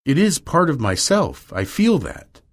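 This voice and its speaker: A man's voice: a little high, big pitch swings, unhurried, voice pushed up. A man reading aloud and voicing a vain young man in despair, speaking in a pleading, emotional way. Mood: anguished.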